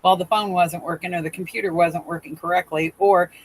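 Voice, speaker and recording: A woman's voice: on the low side, fairly even intonation, brisk, husky, low-quality recording. A woman guest on a video call, talking earnestly and reflectively about spiritual balance in a casual chat.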